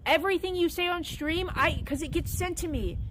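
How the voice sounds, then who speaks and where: A woman's voice: very high-pitched, fairly quick, fairly bright tone, slight background noise, rough recording. A woman streamer in an angry, upset rant, swearing and repeating herself.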